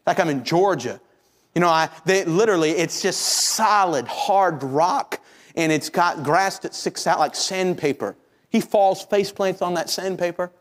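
A middle-aged man preaching a sermon, appealing directly to the congregation with rising intensity. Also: fairly high pitch. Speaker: pastor.

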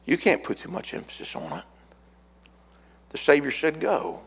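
A middle-aged man preaching a fiery sermon as pastor, building to shouted repeated words. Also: fairly high pitch, sing-song, normal speed, gravelly, slightly rough.

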